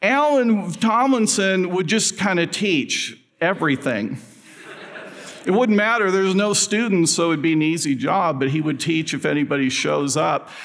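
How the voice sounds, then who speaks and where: Gravelly middle-aged preacher in a big hall. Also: male voice, a little high, measured pace, fairly bright tone. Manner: conversational, chuckling asides. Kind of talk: sermon. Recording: long hall reverb.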